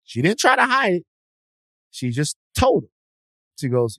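A man's voice: fairly high pitch, big pitch swings, measured pace, long pauses, pushed and bright, no room sound, clean studio sound. A man co-hosting a podcast, telling a story in a casual, slangy, rambling way with restarts. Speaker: podcast co-host.

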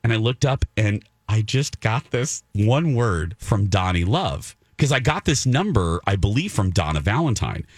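A male radio host tells a story in a casual way, acting out his own reactions. His pitch swings widely. The studio sound is dry and close. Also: sing-song, normal speed, few pauses, slightly rough, dry recording.

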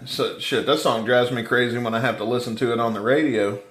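A man's voice: mid-range voice, fairly even intonation, brisk, fairly bright tone. A man, hosting a podcast and telling a story in casual, profane chat. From Mississippi, US. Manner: storytelling, swearing, laughing often. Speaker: podcast host.

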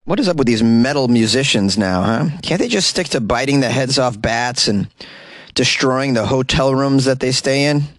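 Man, boston accent, sarcastic comedy news host, mid-pitched, dry closet sound. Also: normal speed, no echo. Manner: sarcastic, mocking, slips into silly voices. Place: small closet.

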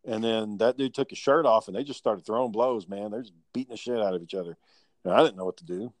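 A man's voice: on the low side, fast talker, no room sound. A young man, telling rambling, profane family stories in casual chat with his brother.

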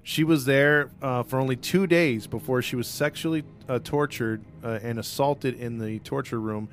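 A man's voice: medium pitch, normal speed. A man casually telling a true-crime story as a podcast host, rambling with lots of fillers.

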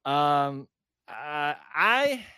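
A man's voice: on the high side, very animated, drawn-out words, sharp tone, smooth, dry recording, studio quality. Jokey man co-hosting a sports podcast. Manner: jokey, hesitant restarts. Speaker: podcast co-host. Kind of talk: casual sports chat.

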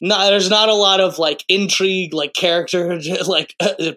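High, bright-voiced man in his twenties. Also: normal speed. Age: 20s. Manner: animated, acts out quotes in raised voices. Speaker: podcast co-host. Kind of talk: casual movie chat.

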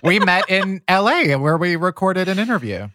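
Comedian guy on a podcast, bright edgy voice, dry teasing jokes, no room echo. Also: high-pitched, animated, normal speed. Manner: joking, dry teasing delivery. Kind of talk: casual chat.

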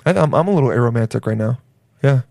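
A man's voice: medium pitch, animated, fast, vocal fry, mellow, no room sound. A man in his twenties co-hosting a casual podcast, jokey and riffing, swearing freely. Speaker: podcast co-host. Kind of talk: casual chat.

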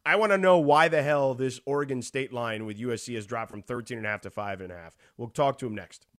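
A man hosting a sports talk show, chatting casually with quick, animated asides. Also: mid-range voice, dry recording, studio quality.

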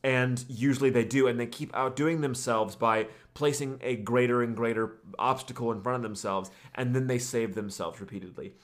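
A man's voice: medium pitch, fairly even intonation, moderate pace, hardly any pauses. Give me a man co-hosting a casual podcast, stammering as he thinks. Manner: stammering, repeats words while thinking. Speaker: podcast co-host. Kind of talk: casual anime discussion.

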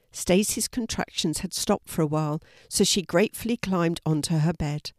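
An older woman reading a children's story aloud in a calm, clear, gentle way. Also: fairly low pitch, normal speed, dry recording, studio quality.

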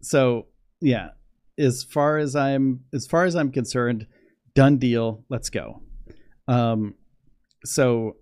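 A young man chatting casually on a livestream, rambling and excitable, laughing often. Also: medium pitch, slow, long pauses, dry recording, clean studio sound. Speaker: space news livestreamer.

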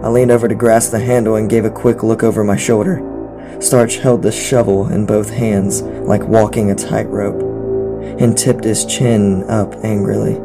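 A man narrates a first-person horror tale in a low, gravelly voice. His telling is measured, with occasional stumbles, and music plays underneath. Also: flat delivery.

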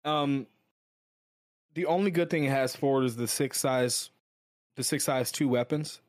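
A man's voice: medium pitch, unhurried, no room sound, clean studio sound. A man on a gaming podcast, giving blunt, opinionated takes in casual chat.

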